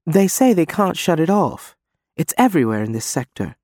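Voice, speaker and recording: A man's voice: a little high, very animated, normal speed, no room sound, studio quality, pitched above the performer's own voice. A man voicing a friendly, eager, apologetic woman. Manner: bright, apologetic.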